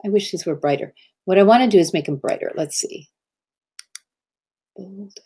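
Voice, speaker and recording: A woman's voice: mid-range voice, moderate pace, dark tone, breathy edge. A middle-aged woman giving a casual motivational talk, earnest and meandering as she tells stories. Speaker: speaker on love and self-expression.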